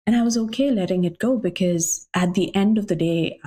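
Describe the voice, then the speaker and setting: Woman guest, husky, chatty, acts out what she used to say. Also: medium pitch, fairly quick. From India. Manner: animated storyteller, often acting out remarks she once made. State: pregnant. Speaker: guest entrepreneur. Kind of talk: casual podcast chat.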